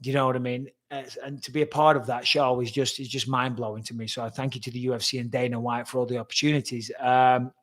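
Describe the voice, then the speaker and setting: This former fighter turned commentator, a man in his forties, runs a casual live Q&A where he answers viewers quickly and bluntly, cursing often. His pitch is medium and his tone is level, with a slight brightness.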